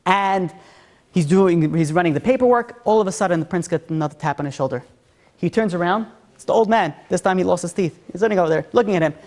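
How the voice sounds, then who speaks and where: A man, a rabbi, telling a story in an animated, conversational way. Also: high voice, quick pace. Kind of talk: storytelling talk.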